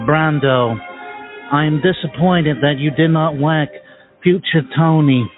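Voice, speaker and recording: A prank caller voicing a slow, threatening old mafia boss over a phone line. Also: male voice, fairly high pitch. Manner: slow, threatening, mock-formal. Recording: tinny phone line with music.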